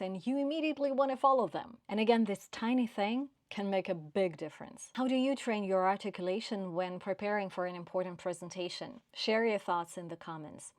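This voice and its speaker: A woman with a non-native English accent giving career advice to camera in a measured, clear, emphatic way. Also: on the low side, darkish tone, no echo, studio quality. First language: not English. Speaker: career coach.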